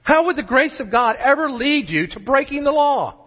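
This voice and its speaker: A high-voiced pastor preaches an emphatic, animated sermon at normal speed, piling up rhetorical questions to drive each point home. The audio is muffled and dull, with a long reverb trailing through a large church sanctuary.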